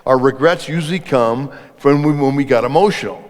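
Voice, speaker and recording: A middle-aged man speaks to an audience in an event hall, relaxed and conversational, often turning to ask the room questions. His voice sits at a middle pitch. Long reverb from the hall trails each phrase. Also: brisk. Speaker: speaker on leadership. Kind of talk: interactive live talk to an audience.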